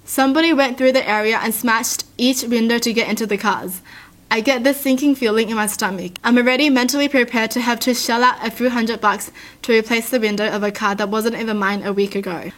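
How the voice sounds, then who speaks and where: A woman's voice: fairly high pitch, fairly bright tone. A woman reading stories aloud and adding chatty, earnest asides to her listeners. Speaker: story reader and commentator.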